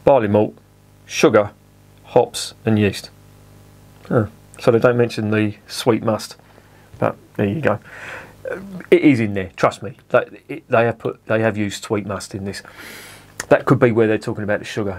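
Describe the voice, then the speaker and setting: A man's voice: on the low side, fairly even intonation, moderate pace. A man chatting casually at home as he reviews a beer, often correcting himself. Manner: chatty, self-correcting, swears at the camera.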